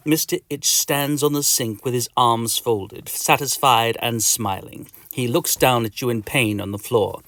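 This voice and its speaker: A man narrating a children's audiobook in the second person, telling the story in a lively way. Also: mid-range voice, normal speed, few pauses, no echo, studio quality. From Australia. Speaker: author and narrator.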